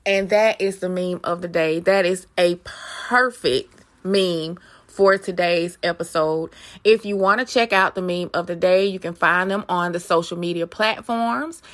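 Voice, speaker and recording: A bright, ringing woman's voice hosts a casual podcast. She tells her stories in an animated, chatty way and keeps turning to talk straight to her listeners. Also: on the low side. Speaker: podcast host.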